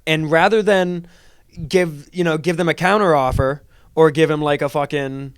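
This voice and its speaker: A man's voice: fairly high pitch, fairly even intonation, normal speed, smooth, dry recording, clean studio sound. A young man co-hosting a podcast, rambling in casual chat, swearing often and restarting his sentences. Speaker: podcast co-host.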